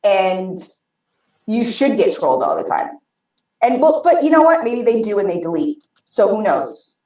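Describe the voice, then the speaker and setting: A woman's voice: mid-range voice, big pitch swings, moderate pace, dark tone. American woman rambling on a podcast, lots of ums and restarts, sounds far off in an echoey room. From United States. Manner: rambling, full of restarts and fillers. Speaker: guest vape show host. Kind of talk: casual podcast chat. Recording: roomy, distant mic.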